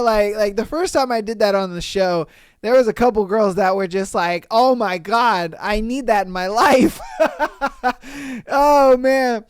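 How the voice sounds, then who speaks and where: A male podcast host reads listener stories and reacts with swearing and disbelief. His voice comes across smooth and clear on a close mic in a dry space with no room sound. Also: high-pitched, no echo. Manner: profane, incredulous reactions with frequent laughter. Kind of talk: casual commentary reading listener stories.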